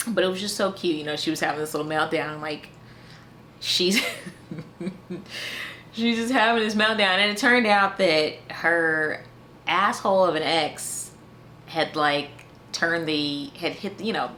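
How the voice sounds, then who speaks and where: Chatty woman with a low voice. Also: unhurried, long pauses, pushed and bright, slight background noise. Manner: chatty, full of fillers and restarts. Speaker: book reviewer. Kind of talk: casual book review.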